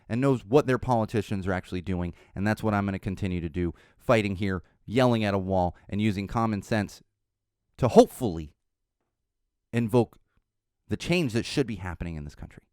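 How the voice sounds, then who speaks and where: A man's voice: lowish voice, normal speed, a little mellow, dry recording, clean studio sound. Impassioned swearing man hosting a podcast. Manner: impassioned, blunt, swears freely. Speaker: podcast host. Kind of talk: political podcast rant and sign-off.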